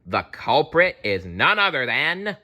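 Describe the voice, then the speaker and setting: Storybook detective, pompous and bumbling, lively bright tone, as a reader puts him on. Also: male voice, mid-range voice, slow pace, voice pushed up, exaggerated voice. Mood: accusing. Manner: grand and self-important.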